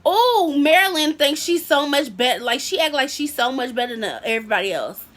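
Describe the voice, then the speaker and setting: A woman voicing a snide teenage boy who gossips and then denies it, in a mocking, shrill quick manner. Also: animated, fairly bright tone.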